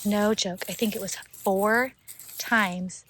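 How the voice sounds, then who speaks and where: A woman's voice: mid-range voice, fairly even intonation, slow, a bit bright, slight background noise. A woman giving a casual, enthusiastic walking tour of her home vegetable garden outdoors, chatting to viewers as she films. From Northern California. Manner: chatty and enthusiastic, talks to viewers as "you guys". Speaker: homestead gardening vlogger.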